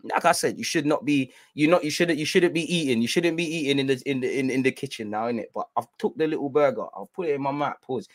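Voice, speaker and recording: A man telling a rambling, slang-heavy anecdote in a casual, animated way with many restarts. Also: mid-range voice, fast talker, few pauses. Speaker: storyteller.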